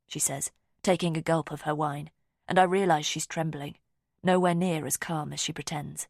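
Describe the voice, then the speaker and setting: Woman audiobook narrator, lower pitch, hushed and tense, dry close-mic read. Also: steady tone, normal speed, no room sound. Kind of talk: first-person thriller narration.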